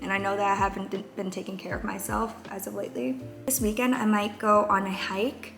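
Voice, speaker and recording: A woman's voice: medium pitch, little pitch movement, a little fast, gravelly, fairly bright tone. A young woman in her twenties talking candidly in a casual vlog, rambling with many fillers. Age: 20s. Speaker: vlogger. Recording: roomy echo, faint music.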